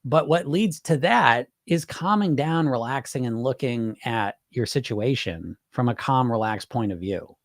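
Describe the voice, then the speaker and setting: A candid, conversational man hosting a live chat and answering viewers, with a voice pitched right in the middle for a man. He swears freely and circles back over his own phrases as he talks. The sound is dry, with no room echo. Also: lively intonation, unhurried, few pauses. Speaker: weight-loss hypnosis coach hosting a live Q&A.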